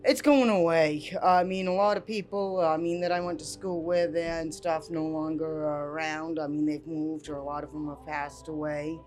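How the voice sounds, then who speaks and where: Casual woman, soft music behind. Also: low voice, fairly even intonation, normal speed, hardly any pauses. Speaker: interviewee.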